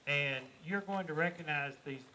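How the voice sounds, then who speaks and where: A man's voice: a little high, normal speed, background noise. A man hosting an outdoor dedication program, talking informally with many fillers. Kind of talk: outdoor public announcements. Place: outdoors at a cemetery.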